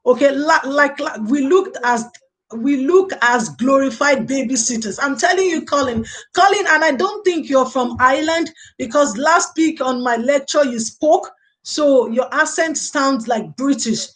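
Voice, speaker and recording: A live show host who lectures in early childhood chats informally on stream, meandering through viewers' comments with plenty of "okay" and "you know." Her high voice is slightly bright and moves at a measured pace.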